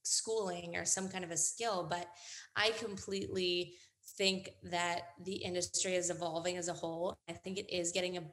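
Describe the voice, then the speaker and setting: A woman's voice: fairly low pitch, flat delivery, normal speed, fairly bright tone. A young adult woman, a hair educator, chatting casually as a podcast guest, agreeable and upbeat. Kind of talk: casual interview chat.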